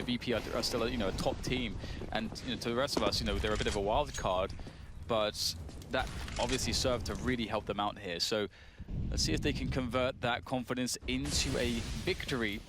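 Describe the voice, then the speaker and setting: A man giving thoughtful esports color commentary in a studio, hedging often with fillers. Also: medium pitch. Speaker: esports analyst. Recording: noisy broadcast with game sounds.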